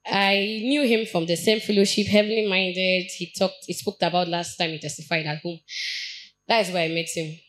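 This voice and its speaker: A young adult woman with a Nigerian accent, giving a personal testimony at a church Bible study in an earnest, halting way, often restarting her sentences. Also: lowish voice, steady tone, fairly bright tone, rough recording.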